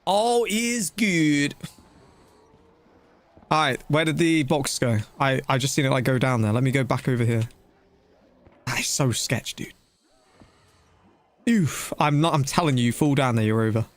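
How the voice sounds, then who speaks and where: Playing a game live, this young streamer talks at a moderate pace in a medium-pitched voice, leaving long pauses. His commentary is casual and loose, aimed at chat, and peppered with "bro" and "dude."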